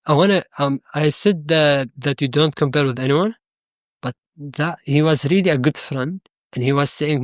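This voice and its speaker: A man with a somewhat high voice gives an off-the-cuff motivational talk. He wanders through his story and keeps turning to ask the listener questions. His voice is recorded dry and close, with no room sound. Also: normal speed, dry recording. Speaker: motivational speaker.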